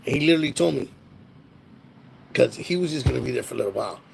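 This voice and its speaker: Gravelly man telling loose stories. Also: mid-range voice, lively intonation, racing, noisy background. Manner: loose, profane, laughing anecdotes. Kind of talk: casual storytelling chat.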